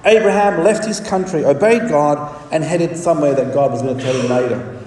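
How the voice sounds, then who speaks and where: A man preaching a sermon in an emphatic, measured way, leaning on dramatic pauses. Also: on the high side, a little mellow. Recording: reverberant hall, distant mic.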